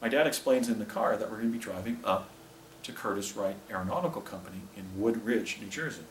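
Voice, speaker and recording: A man's voice: fairly low pitch, fast. A man in his fifties giving a public lecture in a hotel meeting room, telling stories in rambling detail. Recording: roomy hall from far off, faint hiss.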